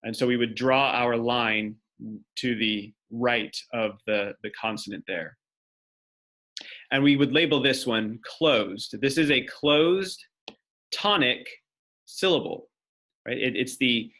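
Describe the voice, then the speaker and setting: A man's voice: mid-range voice, a little slow, bright, forceful tone. Man, teacher, lecture, explains step by step, writes as he talks. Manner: explanatory, thinks aloud while writing on a board. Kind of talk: classroom lecture.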